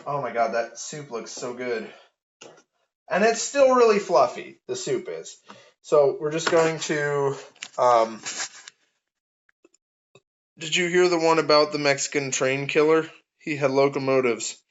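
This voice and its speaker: A man's voice: a little high, animated, unhurried, pauses often, a little hiss or hum. A man telling jokes and cooking on a casual live stream, playful, with goofy sound effects. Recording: dull lo-fi audio.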